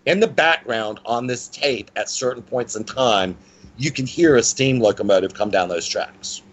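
Male guest, lively conversational storyteller with a mid-range voice. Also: normal speed, rough recording. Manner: animated, with frequent pitch swings and restarts.

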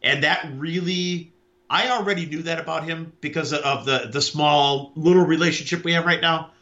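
A man co-hosting a podcast, chatting casually and telling stories in an animated way. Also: fairly high pitch, normal speed, muffled recording. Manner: animated storyteller, acts out quotes. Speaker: podcast co-host. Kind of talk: casual chat.

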